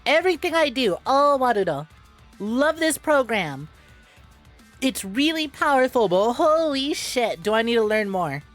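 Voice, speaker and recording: A woman streamer chats casually into a close mic, her voice sitting a little high. She rambles, swears freely and jumps from heated rants back to laughing. Soft music plays faintly behind her. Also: big pitch swings, measured pace. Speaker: VTuber streamer. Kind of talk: casual live-stream chat.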